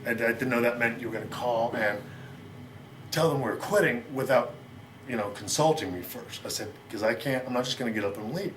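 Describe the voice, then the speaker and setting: A middle-aged American man in a sit-down interview, telling a long story in a rapid, rambling way and acting out what others said. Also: mid-range voice, fairly bright tone, a little hiss or hum. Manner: rapid, rambling, acts out quoted lines.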